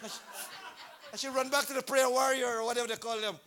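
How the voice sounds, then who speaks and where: A man preaching a sermon at a church service, telling a story with lively acted-out scenes. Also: very high voice, fast talker. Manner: animated storytelling, acts out scenes.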